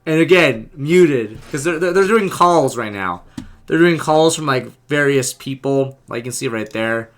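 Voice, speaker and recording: A man casually narrating his vlog, excited and rambling with lots of fillers. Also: mid-range voice, unhurried. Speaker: vlogger.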